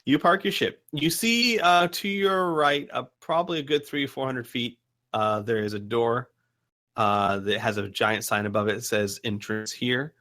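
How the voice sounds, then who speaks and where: A man's voice: mid-range voice, moderate pace, bright, forceful tone. A man narrating a tabletop role-playing game as game master, describing scenes and checking in with the players.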